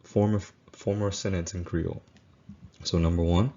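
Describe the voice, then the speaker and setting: A man walks through a recorded slideshow lesson. He repeats every example slowly and catches his own slips. The sound is dull and lo-fi, as from a home computer mic. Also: sits low, fairly even intonation, mellow. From Louisiana. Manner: patient, repeats each example slowly, self-correcting. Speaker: language teacher.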